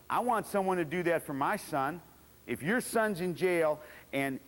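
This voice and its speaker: A man lecturing as a football coach at a clinic, blunt and profane, acting out his players' voices. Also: a little high. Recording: long reverb of a lecture hall.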